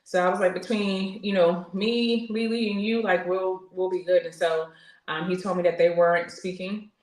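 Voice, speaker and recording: A woman in her forties speaks in a low register and tells her own story candidly, pausing on fillers and starting sentences over. Her voice carries some room echo around it. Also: level tone, darkish tone. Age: 40s. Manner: earnest, open, with frequent fillers and restarts. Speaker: podcast guest, military veteran. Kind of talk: candid personal storytelling in conversation. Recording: roomy echo.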